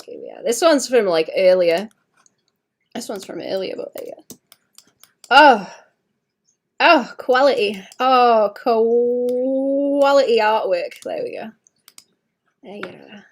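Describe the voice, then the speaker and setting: A woman's voice: medium pitch, gravelly, darkish tone, slightly rough. A woman in her late twenties, an artist chatting casually on a livestream while drawing, swearing freely and laughing at herself. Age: late 20s.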